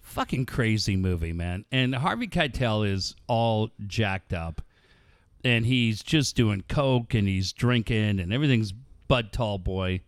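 With a fairly low voice and a slightly slow delivery, a man spins raunchy stories in casual talk, cursing freely and laughing a lot as he goes. There's no room sound.

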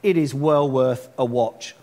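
A man leading a church gathering as pastor, chatting through announcements in a self-deprecating way and growing animated when he urges the congregation on. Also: mid-range voice, measured pace.

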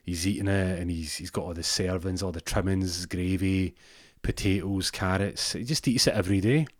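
A man's voice: low-pitched, steady tone, moderate pace, no room sound, clean studio sound. A man telling an improvised comic story in a rambling way, often stumbling over repeated words.

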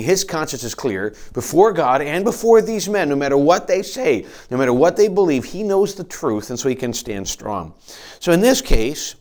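A man preaching a sermon, earnestly explaining scripture, reading verses aloud and often restarting his phrases. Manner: earnest teaching with quoted scripture and frequent restarts; animated delivery with rises and drops in pitch and volume. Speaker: pastor.

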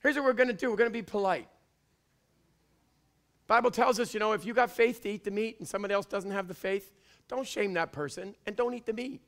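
High, gravelly, fiery Canadian preacher man. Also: fairly quick. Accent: Canadian English. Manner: fiery, often shouting preacher. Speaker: pastor. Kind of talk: sermon. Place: church before a congregation.

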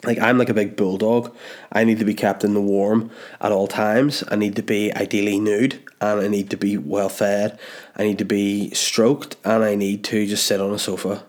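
A man with a Northern Irish accent from around Belfast, hosting a comedy podcast. His voice sits a little low and sounds stuffed up from a blocked nose. He rambles through his story with self-mocking asides. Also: flat delivery, normal speed, darkish tone. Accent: Northern Irish, Belfast area. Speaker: podcast host.

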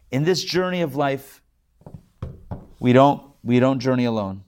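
A male rabbi giving a live Torah class, telling stories in an animated way with frequent restarts and small jokes. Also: medium pitch, measured pace, pauses often, clear, resonant tone.

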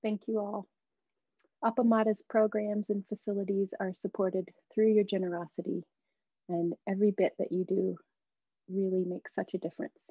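A woman's voice: medium pitch, level tone, normal speed, slightly rough, no room sound, narrow, tinny audio. A woman giving friendly closing announcements and thanks.

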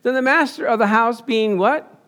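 A man preaching a sermon as pastor, animated, laughing often and asking his listeners questions he then answers himself. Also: very high voice, normal speed. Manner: animated, asks the congregation questions and answers them. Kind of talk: sermon with slides.

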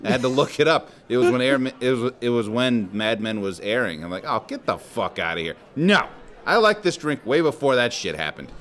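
A man's voice: medium pitch, sing-song, fairly quick, a bit bright. A man in casual podcast chat, making profane, sardonic and mock-outraged remarks.

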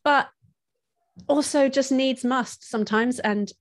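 Talkative lady guest, mid-pitch, laughs a lot, dry close mic. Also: moderate pace, no echo. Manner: chatty, expressive, laughs often. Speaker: parenting instructor, podcast guest. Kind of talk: casual conversational interview.

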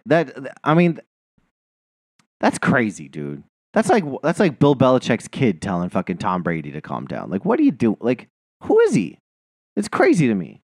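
A man co-hosting a casual podcast, ranting hotly and swearing freely. His pitch leaps around with a lot of movement, and the sound is dry and close. He rambles through fillers as he builds up steam. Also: huge pitch swings, moderate pace, no room sound. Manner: heated, profane ranting about sports. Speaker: podcast co-host. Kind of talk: casual chat.

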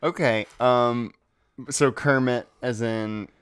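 A man's voice: medium pitch, fairly even intonation, slow pace, clear, resonant tone, dry recording. A man hosting a comedy podcast, playing along with the bit in a dry way and laughing often. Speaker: podcast host.

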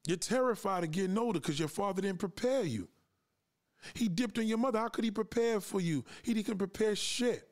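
On his livestream podcast, a high-voiced host talks briskly, fired up and cursing throughout. The rant is confrontational and profane, a lecture that invites listeners to push back.

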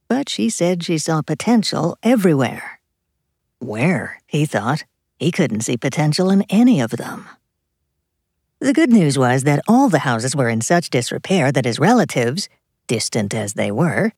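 A woman narrating a novel as an audiobook, in expressive, measured storytelling. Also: rumbling low, husky, no echo, clean studio sound. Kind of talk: scripted narration.

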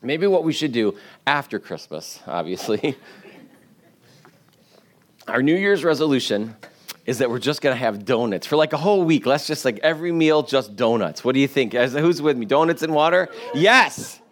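Male preacher, relaxed conversational sermon, slips into playful complaining voices. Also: medium pitch, normal speed. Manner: storytelling, acts out complaining voices in paraphrase; chatty, joking with the congregation. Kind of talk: casual sermon.

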